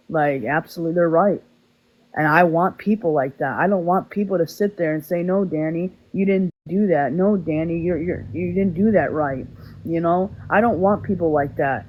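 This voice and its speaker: A man's voice: fairly high pitch, a little hiss or hum, poor audio. Rambling man on a phone livestream. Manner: rambling, repeats words, earnest and defensive. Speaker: livestream host. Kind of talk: livestream apology talk.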